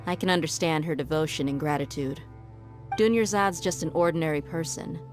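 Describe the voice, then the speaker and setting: An actress playing a confident, laid-back desert mercenary in a video game. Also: female voice, deep voice, brisk, natural voice. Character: tough, easygoing desert mercenary woman. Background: game music.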